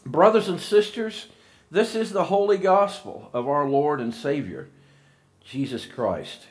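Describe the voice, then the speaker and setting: A man's voice: on the high side, unhurried. A male pastor preaching a sermon, chatting with the congregation and reading scripture with rising emphasis. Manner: conversational, with restarts and asides, rising into emphatic reading.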